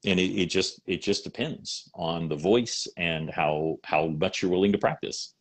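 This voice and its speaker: A middle-aged man and voice actor chatting in an interview, animated and rambling with lots of fillers. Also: sits low, unhurried. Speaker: voice actor and salesman. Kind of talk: casual interview chat.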